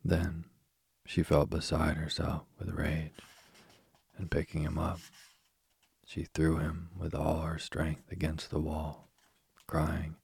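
Deep, husky bedtime storyteller man. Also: monotone, dry recording. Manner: slow, soft-spoken, soothing.

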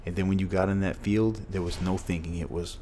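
Deep-voiced man telling an emphatic story. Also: fairly even intonation, brisk, heavy background noise. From Massachusetts. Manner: emphatic, repeats phrases for punch. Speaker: podcast guest, former football player. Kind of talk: storytelling in a podcast conversation.

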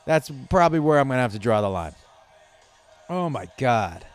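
Animated male comedian telling stories. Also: medium pitch, normal speed, clean tone. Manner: animated storytelling, profane, laughs at own stories. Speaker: comedian podcast host. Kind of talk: casual comedic monologue. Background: faint rock music playing.

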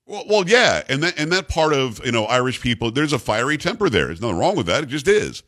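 Animated, sarcastic male radio host. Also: medium pitch, fast talker. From United States. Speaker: radio talk show host. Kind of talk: opinionated talk radio chat.

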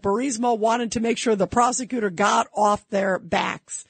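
Husky-voiced woman talk radio host. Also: a little high, steady tone, normal speed, no echo. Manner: emphatic, indignant, rhetorical questions. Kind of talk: political commentary monologue.

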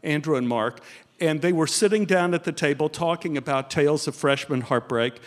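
Older man, from Texas, animated storyteller, high voice, reverberant room. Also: fairly quick. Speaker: guest storyteller. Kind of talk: comic personal anecdote.

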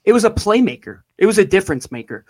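A man's voice: high voice, sing-song, fast, no room sound. A man co-hosting a sports podcast, talking emphatically and drawing words out for effect. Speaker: podcast co-host.

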